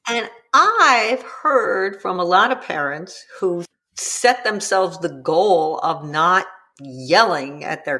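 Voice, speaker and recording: A woman's voice: fairly low pitch, pushed and bright. A woman guest author explaining her advice in a casual interview, quoting parents and children as she goes. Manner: explanatory, vividly quotes parents and kids.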